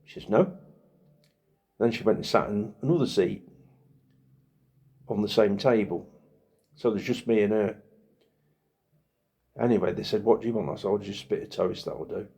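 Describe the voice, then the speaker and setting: A man's voice: lowish voice, normal speed, long pauses, mellow, slightly rough. A middle-aged man, telling wry rambling stories in a casual chat to camera. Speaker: vlogger.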